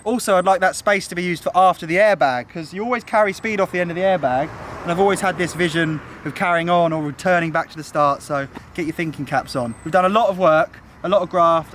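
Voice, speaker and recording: A young man with a fairly bright, higher-pitched voice vlogs outdoors at a building site, chatty and enthusiastic but out of breath as he gives a casual walkthrough. There's a little hiss or hum in the recording.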